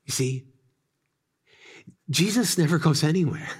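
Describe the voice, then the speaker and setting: A man preaching a sermon at a church service, impassioned, often sinking to hushed, intimate tones. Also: on the high side, animated, a little slow, slightly rough. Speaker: pastor.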